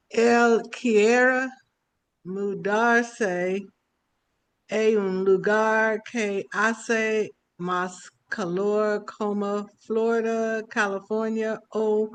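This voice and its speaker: A woman reads a passage aloud very slowly and carefully, stopping to restart words. Her voice is smooth and clear. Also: on the high side. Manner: careful, halting reading. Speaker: student. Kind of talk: reading a text aloud.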